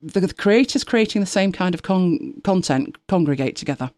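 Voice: mid-range voice, animated, normal speed, darkish tone, no echo. A host of a tech live show chatting casually, rambling with frequent restarts and exasperated asides. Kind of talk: casual chat.

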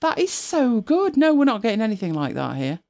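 Hosting a relaxed live stream, a middle-aged woman talks openly with her audience in a creaky, darkish voice whose pitch swoops wildly, moving a little fast. She laughs frequently and calls out viewers by name as she looks for pictures.

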